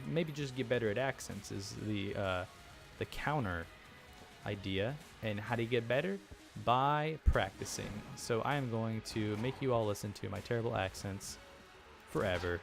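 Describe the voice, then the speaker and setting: A man's voice: lowish voice, moderate pace, creaky, music in the background. Rambling young man narrating his gameplay. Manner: rambling, self-deprecating, chuckling asides. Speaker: gameplay commentator. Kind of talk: casual let's-play commentary.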